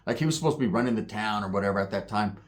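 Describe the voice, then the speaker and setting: With a lowish voice and a rapid-fire delivery, a man shares street stories on his own channel. The telling is casual, profane and packed with slang, and he performs the characters' voices, laughing as he goes.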